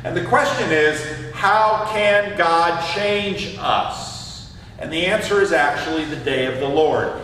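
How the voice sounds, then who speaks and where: A man's voice: a little high, takes it slowly, a bit bright, a little hiss or hum. A man preaching a sermon as pastor, asking his listeners rhetorical questions. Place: church sanctuary. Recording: echoey church hall from far off.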